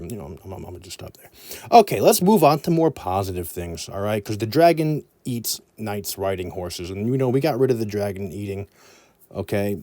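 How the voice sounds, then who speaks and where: Low-voiced, playful male teacher. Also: mellow, no echo. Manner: playful, rambling asides. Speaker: anatomy teacher. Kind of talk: mnemonic lesson.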